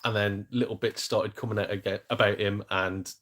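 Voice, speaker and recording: Husky man rambling casually. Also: fairly low pitch, fairly even intonation, normal speed, a bit bright. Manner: rambling, self-deprecating, jokey. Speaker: gaming YouTuber host. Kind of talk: casual live-stream chat.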